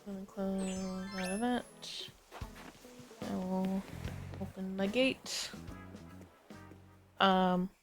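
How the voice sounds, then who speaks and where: A woman with a lowered morning voice hosting a livestream, chatting casually while she plays a game, easygoing and rambling with many fillers. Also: fairly even intonation, very slow, pauses often, music in the background. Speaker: livestream gamer host.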